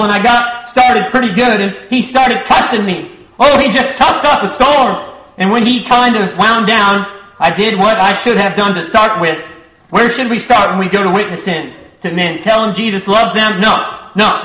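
Man preaching a sermon, high bright voice, echoey room, gets loud and shouty. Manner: emphatic storytelling, swelling into shouts.

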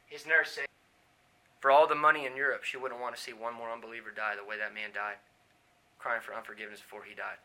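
A man preaching a sermon, swinging from hushed pleading to loud shouting. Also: mid-range voice, flat delivery, fast talker.

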